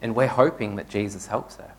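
A man's voice: on the low side, a little fast. Man preaching a conversational sermon. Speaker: pastor.

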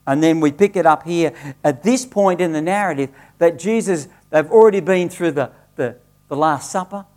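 Male preacher, fairly high-pitched, conversational sermon delivery with small restarts, reads scripture slowly and earnestly. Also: a little mellow. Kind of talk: sermon with Bible reading.

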